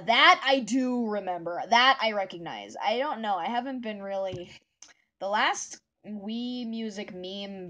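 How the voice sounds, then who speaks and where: A woman's voice: medium pitch, a bit bright. Woman vlogger who chats while drawing, rambly, with lots of ums, in an ordinary mid-range voice. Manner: chatty, rambling, many fillers. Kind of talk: casual chat while drawing.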